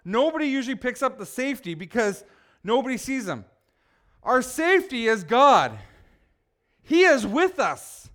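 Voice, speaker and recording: A male pastor preaching a sermon, swinging from quiet asides to loud, emphatic exhortation. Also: very high-pitched, very animated, moderate pace.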